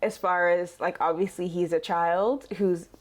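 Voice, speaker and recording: A young woman hosting a casual reaction video, chatty and quick to laugh, with lots of fillers. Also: lowish voice, fairly even intonation.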